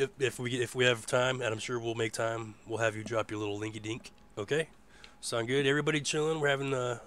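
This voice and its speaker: A man hosting a casual live internet radio show. His voice is hoarse, and he rambles in a laid-back way and swears freely. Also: mid-range voice, fairly bright tone, a little hiss or hum. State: hoarse from a rough voice. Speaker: host.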